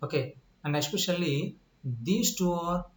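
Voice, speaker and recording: A man teaching English word stress in a recorded lecture, explaining slowly with many pauses, repeating himself, spelling out letters and asking the listener questions. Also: on the high side. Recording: echoey room.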